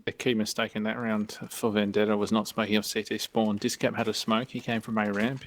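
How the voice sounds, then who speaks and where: A man's voice: lowish voice, fairly bright tone. A man giving analysis on an esports match in a dry, wry way. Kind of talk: game analysis commentary.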